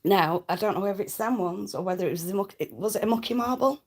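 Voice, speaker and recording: A woman's voice: medium pitch, fast talker, a little mellow. A woman with a Lancashire accent, chatting rambly on a livestream and reading viewer comments aloud. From Lancashire, England. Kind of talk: casual livestream chat.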